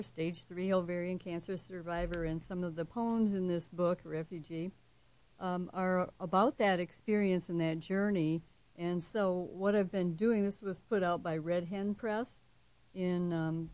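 A woman poet reading her own poem and then talking about it as an interview guest, soft-spoken with slow, measured emphasis. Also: fairly low pitch. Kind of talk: poetry reading and interview answers.

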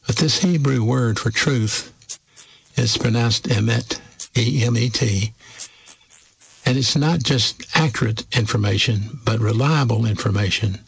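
A pastor from the United States delivering a sermon in a gravelly, husky voice. He speaks slowly and emphatically, leaning on measured pauses. His pitch sits in an ordinary middle range for a man. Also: low-quality recording.

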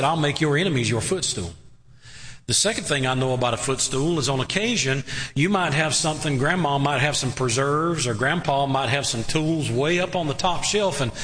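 A man's voice: on the high side, fairly bright tone. A man preaching an emphatic sermon in a church, asking his listeners rhetorical questions. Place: church sanctuary. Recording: long hall reverb.

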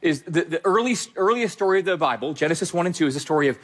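A man's voice: a little high, lively intonation, rapid-fire. A male pastor preaching a sermon, speaking emphatically and repeating phrases for stress.

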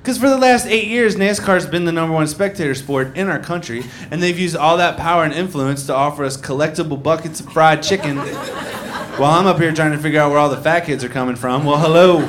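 A man's voice: on the high side, fairly quick, a bit bright. A man doing a stand-up comedy set on a club stage, telling stories in a dry, sardonic way. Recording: noisy live club recording.

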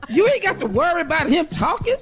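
High, animated woman co-host with music behind. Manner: animated, laughing, slangy and emphatic. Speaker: radio show co-host. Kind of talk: joking advice banter. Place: radio studio.

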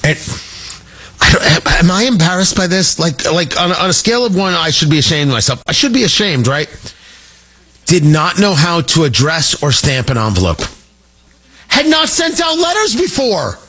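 A middle-aged man hosting a talk radio show, animated and jokey, wandering off on tangents. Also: on the high side, normal speed, husky. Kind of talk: opinionated talk radio monologue.

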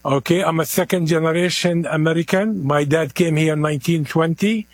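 A man's voice: on the high side, brisk, dry recording. A middle-aged man with a heavy Palestinian Arabic accent, speaking earnestly as an interview guest. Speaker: community organizer, guest. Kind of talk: interview at an event.

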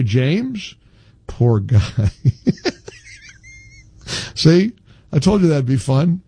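A middle-aged man hosts a call-in radio show in a higher-than-usual, very lively voice. He rambles wryly and gets excitable. The sound is dry and close on a studio mic. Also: slow, long pauses, husky, no room sound. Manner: wry, excitable, rambling, voice jumps up when exasperated. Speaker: radio talk show host.

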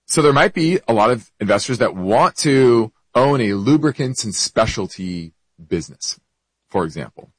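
A man's voice: mid-range voice, expressive, normal speed, slightly rough, dry recording, rough recording. A man hosting an investment show, explaining markets and answering a listener's question, with hiccups and frequent self-corrections.

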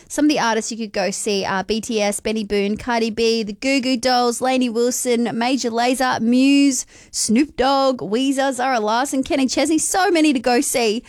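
A woman's voice: on the high side, no room sound. A woman hosting a breakfast radio show, upbeat and chatty, talking close to a studio mic. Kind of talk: radio host promo chat.

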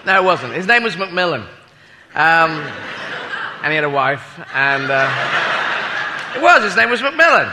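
A man's voice: on the high side, very animated, normal speed, long pauses, long reverb tail, heavy background noise. A man doing stand-up comedy, telling a rambling story with dry, self-mocking asides. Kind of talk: stand-up routine.

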